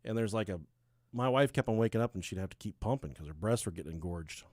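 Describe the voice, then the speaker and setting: A man's voice: fast, no echo, studio quality. A man in his thirties co-hosting a podcast, telling crude stories in casual comedic chat and acting out the people he quotes. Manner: animated storyteller, acts out quotes with big pitch swings. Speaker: podcast co-host.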